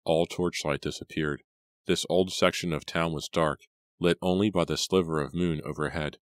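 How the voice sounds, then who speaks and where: A man reading a horror audiobook in a measured, steady narration. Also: sits low, no echo. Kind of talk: scripted narration.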